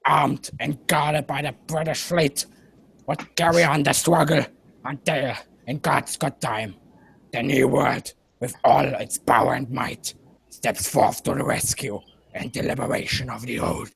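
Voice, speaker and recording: A man's voice: mid-range voice, steady tone, a little slow, creaky, a bit bright, slightly rough, exaggerated voice. A man putting on a solemn wartime prime minister's speech, reading it as grand oratory.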